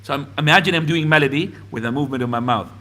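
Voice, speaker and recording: A man's voice: on the high side, racing, bright, forceful tone. Guy teaching a lesson, patient, keeps asking "you get it?". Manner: patient, asks checking questions. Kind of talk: classroom lesson. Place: mosque classroom.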